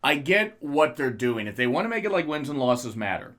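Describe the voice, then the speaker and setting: Podcast co-host, male, loose and profane, laughs easily, mid pitch. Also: very animated, a little fast, a bit bright. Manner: loose, profane, laughs at his own jokes. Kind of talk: casual wrestling chat.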